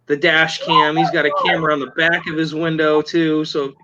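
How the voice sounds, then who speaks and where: A man hosting a casual livestream chat, telling stories in an animated way and laughing often. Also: a little high, moderate pace, lo-fi sound, heavy background noise. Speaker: livestream host.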